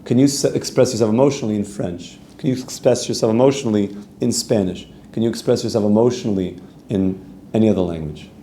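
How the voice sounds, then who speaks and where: A man's voice: fairly low pitch, fast, warm tone, roomy sound, slight background noise. A man, a rabbi giving an earnest, conversational Torah class, reading Hebrew text aloud and translating it as he goes. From Canada.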